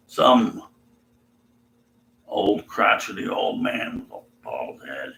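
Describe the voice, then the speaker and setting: A man's voice: deep voice, sing-song, takes it slowly, gravelly, long pauses, sharp tone, echoey room, poor audio. A man ranting sarcastically and profanely while reading scripture aloud. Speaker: atheist video commentator.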